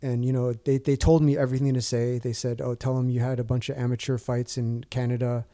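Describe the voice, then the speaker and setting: Guy in his 30s rambling thru a story, mellow darkish voice, lots of uh and like. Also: mid-range voice, little pitch movement, fairly quick. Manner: rambling with many fillers and restarts. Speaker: guest. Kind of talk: casual storytelling.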